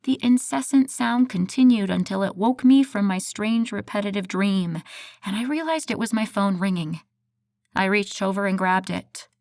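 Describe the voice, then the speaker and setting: A woman narrating a first-person audiobook in a steady, measured storytelling voice. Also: mid-range voice, no echo.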